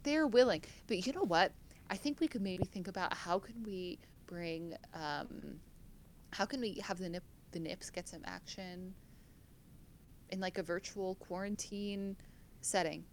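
Young American woman, low-ish voice, easygoing rambling podcast co-host, faint rumble behind. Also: a little slow. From United States. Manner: chatty, self-deprecating, laughs often. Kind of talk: casual chat.

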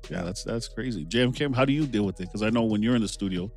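A man with a fairly low voice hosts a relaxed conversation. He asks long, meandering questions packed with "you know" and "like". Faint music sits under him. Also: fast talker, creaky. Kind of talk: casual podcast chat.

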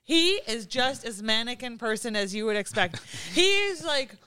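Lively woman telling stories, laughs a lot, crisp bright voice, dry sound. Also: on the high side, normal speed, no room sound. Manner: lively, laughing, acts out quotes. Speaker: guest, business owner. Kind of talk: casual storytelling in an interview.

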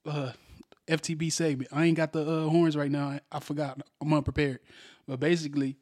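Young dude on a podcast, kinda high voice, slangy and cussing a lot. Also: male voice, level tone, brisk, a little mellow. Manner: loose storytelling with slang and profanity. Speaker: podcast co-host. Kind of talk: casual podcast chat.

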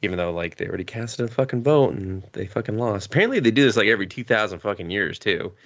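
A man's voice: lowish voice, animated, fast, dry recording, highs cut off. A man hosting a podcast, recapping anime in a rambling, profane, casual way while sick with a cough, chuckling often. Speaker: podcast host.

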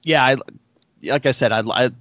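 A man's voice: mid-range voice, moderate pace, fairly bright tone, dry recording, lo-fi sound. A man talking casually about movies, hesitant and repeating himself as he makes his points.

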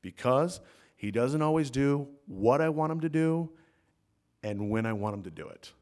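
A man preaching a sermon as pastor in a church, swinging between loud emphatic peaks and soft low asides. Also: lively intonation, moderate pace. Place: church sanctuary.

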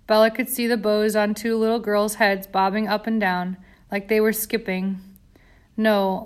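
A woman's voice: mid-range voice, smooth. Woman reading a tense audiobook. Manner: tense, dramatic storytelling. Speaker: audiobook reader. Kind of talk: scripted audiobook narration.

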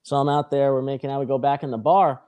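A man's voice: medium pitch, fast talker. A young man telling a rambling, profane story in casual podcast chat, acting out the other people's lines. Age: young adult. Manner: rambling, profane, animated retelling.

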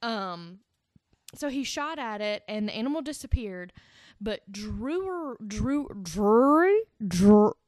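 Woman slowly telling a creepy story, swears a lot, jokey, dry close sound. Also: medium pitch, lively intonation, mellow, no echo. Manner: swears freely, jokey asides. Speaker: podcast host telling a scary story. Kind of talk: casual storytelling chat.

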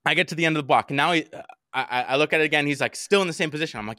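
A young man recounts a story at a rapid clip, his voice bright and forward. He talks in an animated, profane way and acts out his own yells. The mic sound is close and dry. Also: a little high, no room sound. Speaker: podcast co-host. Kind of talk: casual storytelling chat.

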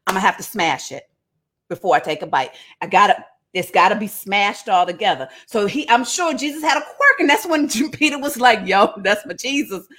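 A woman's voice: mid-range voice, animated, a little fast, fairly bright tone, husky. A woman retelling a Bible story comically, with playful slangy asides and frequent laughs.

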